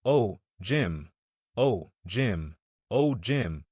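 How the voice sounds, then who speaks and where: A man's voice: on the low side, sing-song, drawn-out words, darkish tone, slightly rough, no echo, studio quality, exaggerated voice. A man playing a stammering young recruit. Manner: stammering, hysterical. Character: panicky naive young male recruit.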